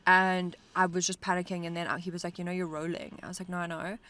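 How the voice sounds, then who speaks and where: A young woman recounts a memory in a relaxed chat, her voice sitting on the low side. She talks fast and animated, stringing phrases together with "like", recorded in the close confines of a car. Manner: animated storyteller, lots of "like". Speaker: podcast co-host. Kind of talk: casual storytelling chat.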